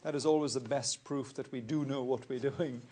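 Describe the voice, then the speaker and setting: Man, accounting tutor, recorded lecture, measured, methodical, repeats key points, mid-pitched voice. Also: fairly even intonation, mellow.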